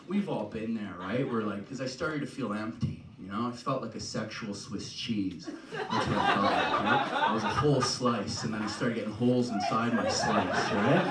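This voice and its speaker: A man from Canada doing a profane, rambling stand-up set, tagging his lines with "right?" and "you know?". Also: on the low side. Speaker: stand-up comedian. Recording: echoey live room, mic heard from a distance, loud noise. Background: loud audience laughter.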